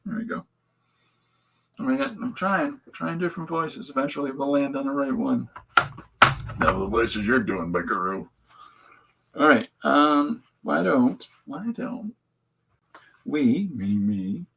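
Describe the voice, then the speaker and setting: While drawing comics on a live stream, a man chats loosely and cracks jokes, meandering and restarting his sentences a lot. His medium-pitched, creaky voice is animated but a little slow, with background noise audible.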